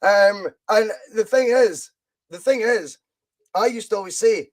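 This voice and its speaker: A Scottish man with a fairly high voice hosts a casual football podcast. He talks in an animated, opinionated way, pressing his points with real emphasis. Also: unhurried. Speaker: podcast host.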